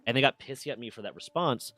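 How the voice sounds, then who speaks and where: A man's voice: medium pitch, lively intonation, fast talker, bright, forceful tone. A man streaming, casually telling a personal story with candid swearing and mock voices for others.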